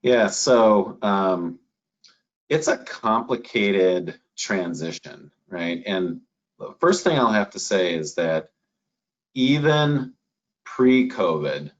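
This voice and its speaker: Deep-voiced Minnesota-accented doctor. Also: male voice, takes it slowly, lo-fi sound. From northern Minnesota, USA. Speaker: chief medical officer, guest. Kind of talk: conversational interview.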